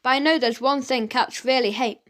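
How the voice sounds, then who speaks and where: A woman voicing a frantic father in an audiobook, shouting in panic. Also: high-pitched, steady tone, normal speed, close to an everyday voice. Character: father under attack, frantic.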